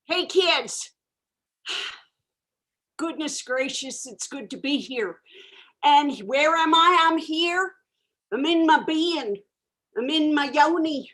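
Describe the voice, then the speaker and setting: An improv performer plays a flaky, self-absorbed new-age guru of sex and spirit, rambling dreamily in character comedy over a video call from her home bedroom. The mood is spacey, and her voice sits high and a bit bright, slow with long pauses.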